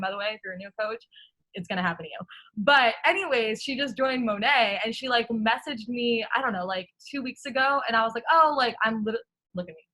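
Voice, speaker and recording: A woman's voice: fairly high pitch, bright, forceful tone, low-quality recording. A young woman chatting casually on a video call, telling a funny story with lots of laughter and casual swearing. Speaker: guest coach.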